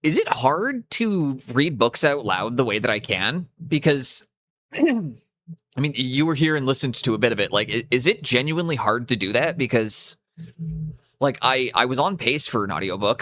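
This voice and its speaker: A young man speaks in a mid-range, fairly bright voice at a moderate pace, his Canadian accent audible. He's chatting casually on a live stream via a cheap USB mic, rambling, cutting himself short, and swearing casually.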